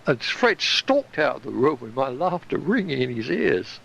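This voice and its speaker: A man recounting his past in a recorded reminiscence, animated and casually swearing. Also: mid-range voice, normal speed, vocal fry, slightly rough, dull audio.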